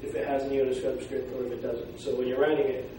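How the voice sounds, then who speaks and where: A man teaching a Greek class, explaining pronunciation and sounding out words slowly. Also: mid-range voice, little pitch movement. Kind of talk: classroom lecture. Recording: echoey room from far off, faint noise.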